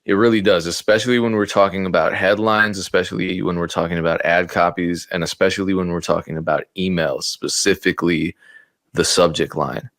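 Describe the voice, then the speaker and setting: Low-voiced man teaching casually, thinking aloud. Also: fairly even intonation, brisk, a bit bright, no room sound. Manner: thinks aloud, stumbles and repeats words while typing; joking and sarcastic at times. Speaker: music producer teaching a beat-selling class. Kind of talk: casual live-streamed tutorial.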